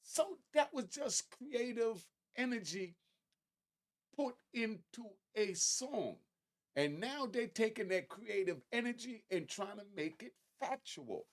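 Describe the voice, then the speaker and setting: A man hosting a casual commentary, talking straight to his viewers and climbing to emphatic highs on key points. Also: slow pace. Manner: animated, rising to emphatic high pitch on key points; conversational, addresses viewers directly. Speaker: commentary host.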